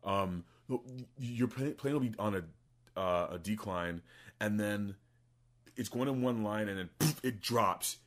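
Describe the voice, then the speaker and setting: A man's voice: on the low side, a little slow. A young man co-hosting a podcast in casual chat, swearing often and rambling through jokes. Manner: profane, rambling, jokey. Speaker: podcast co-host.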